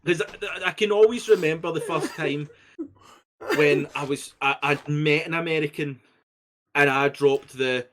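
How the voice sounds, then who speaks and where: A man's voice: fairly high pitch, unhurried, a bit bright. Swearing Scottish man, chatty co-host. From Scotland. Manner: swears freely, rambling restarts, laughs at own jokes. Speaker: podcast co-host. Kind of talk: casual chat.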